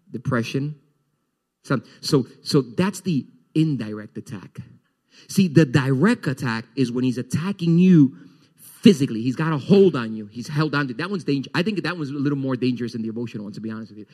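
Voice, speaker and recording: A man preaching a Sunday sermon as pastor, animated, repeating words and voicing the congregation's questions. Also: medium pitch, moderate pace.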